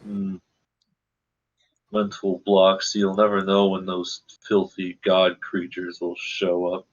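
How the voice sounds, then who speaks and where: Deep and slow, this is a man playing cautious, reclusive folk in a tabletop game, guarded about their secrets, heard through a dull lo-fi mic. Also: completely flat delivery.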